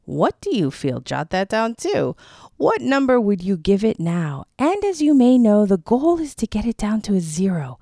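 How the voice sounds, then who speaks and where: A woman's voice at an ordinary middle pitch guides listeners through a tapping exercise. She speaks gently and reassuringly, leaving pauses for repetition. The recording is close and dry, with no room sound. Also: very animated, dry recording.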